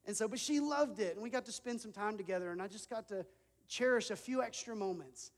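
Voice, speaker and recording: A man's voice: high voice, a little fast. A man in his thirties preaching a sermon, earnest and conversational, telling a personal story with self-deprecating asides. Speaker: pastor. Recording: long reverb of a large hall.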